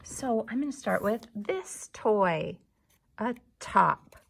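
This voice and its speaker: A woman's voice: mid-range voice, lively intonation, slow, vocal fry, slight background noise. A woman teacher leading a lesson for young children, patiently clapping out the syllables of words.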